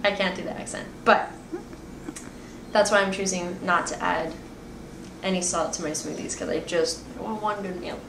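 A woman with a raspy voice, chatting candidly to her viewers in a casual video diary. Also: lowish voice, steady tone, moderate pace, roomy sound, background noise. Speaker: vlogger.

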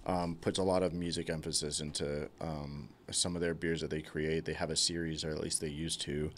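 A man's voice: rumbling low, flat delivery, fairly quick, a little hiss or hum. A man hosting a casual chat over beer, telling stories in a laid-back way and chuckling often. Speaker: podcast host.

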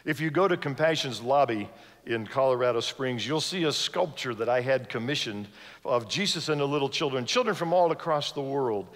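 A man's voice: medium pitch, brisk, fairly bright tone. Man preaching a storytelling sermon in a reverberant church. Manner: storytelling, acting out voices of the people in the story. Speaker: guest preacher. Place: large church sanctuary. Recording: long hall reverb from a church sanctuary.

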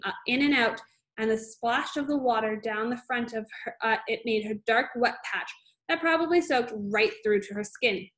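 A woman reading a children's novel aloud, unpolished, with small slips and fillers. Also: fairly high pitch. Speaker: reader.

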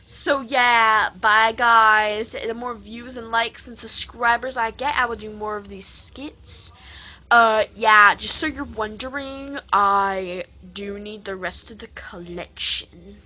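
A teenage girl who makes toy skit videos rambles playfully through an outro in a put-on accent. Her voice is a little high and sharp, and she speaks slowly in this casual chat.

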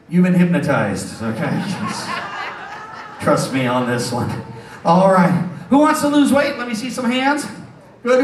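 A man working as a stage hypnotist, bantering loudly and crudely with volunteers and the audience. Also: very high voice, recorded from a distance. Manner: brash, teasing, loud crowd banter. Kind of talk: live stage comedy show. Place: casino showroom stage. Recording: roomy hall recorded from afar, audience. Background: audience laughing.

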